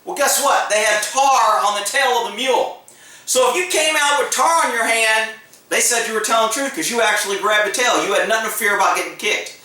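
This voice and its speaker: A man's voice: high voice, brisk, sharp tone, heavy reverb, recorded from a distance, poor audio. A man, a former police officer, telling stories in a blunt, joking casual monologue and acting out the exchanges he quotes.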